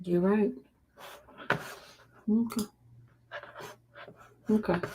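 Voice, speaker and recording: A woman hosting a casual livestream, chatting to her viewers and calling them y'all, repeating her points loudly. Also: mid-range voice, steady tone, extremely slow, noisy background. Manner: loud emphatic repetition. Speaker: livestream host.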